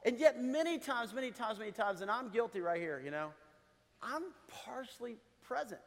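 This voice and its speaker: High-voiced male pastor preaching in a reverberant hall. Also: lively intonation, normal speed, creaky. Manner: conversational preaching with laughs and asides. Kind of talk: sermon.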